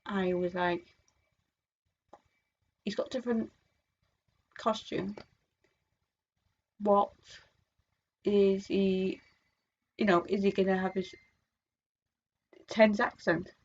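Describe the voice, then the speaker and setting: A woman's voice: mid-range voice, steady tone, slow pace, pauses often, muffled recording. A woman chatting casually to camera as a fan vlogger, rambling with many fillers and restarts. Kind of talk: casual chat.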